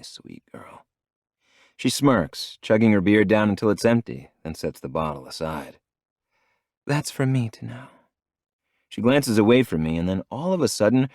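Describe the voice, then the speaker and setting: A man narrating a romance novel in the first person, with a low, measured, intimate delivery. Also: a little mellow, no room sound, studio quality. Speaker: audiobook narrator.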